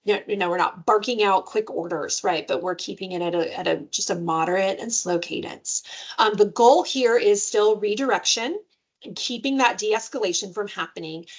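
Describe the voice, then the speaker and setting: A woman presenting a parenting webinar in a conversational way, often checking in with "right?" and sometimes jumping into playful high voices for examples. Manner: jumps into playful high-pitched voices when giving examples.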